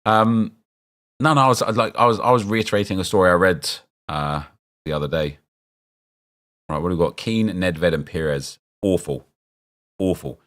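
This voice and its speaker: A man's voice: sits low, moderate pace, long pauses, fairly bright tone. A young man chatting casually as he streams a football game, rambling and answering his viewers' chat as he reacts to picks.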